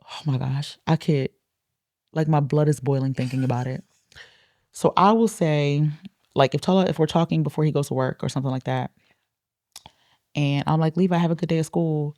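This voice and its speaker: Loud low-voiced woman co-host. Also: moderate pace, long pauses. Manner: loud and expressive, many agreeing yeahs. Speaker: podcast co-host. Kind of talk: casual chat.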